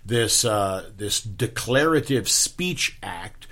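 Low-voiced man hosting a scripture talk. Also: expressive, slow, bright, forceful tone. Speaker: host. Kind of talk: radio talk show discussion of scripture.

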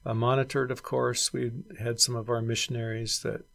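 A middle-aged man with a gravelly, textured voice tells stories from his missionary years in a relaxed interview. He speaks at an everyday pitch, reflective and unhurried, pausing to gather his memories. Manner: reflective storyteller who acts out quoted voices. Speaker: former missionary and regional director. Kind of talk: oral history interview.

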